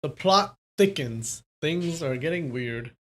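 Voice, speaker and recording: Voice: mid-range voice, animated, takes it slowly, fairly bright tone. A streamer reading a wuxia novel aloud live, with casual, playful chat between passages. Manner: casual, playful, chatty asides.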